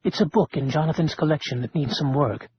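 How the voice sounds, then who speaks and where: A man's voice: fairly high pitch, fast, breathy edge. A man doing a fussy, indignant librarian. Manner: indignant, prim. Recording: muffled lo-fi recording.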